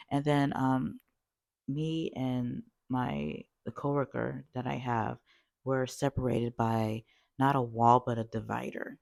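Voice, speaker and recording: A woman telling a call-center story in a chatty, animated storytime vlog, full of fillers. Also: extremely low pitch, unhurried, creaky, dry recording, clean studio sound.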